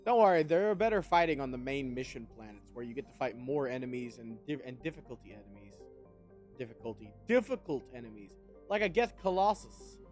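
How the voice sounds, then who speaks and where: A man's voice: mid-range voice, animated, fairly quick, a little mellow, soft background music. A man streaming a video game, chatting casually and wryly to viewers, swearing freely as he plays. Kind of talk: casual gameplay commentary.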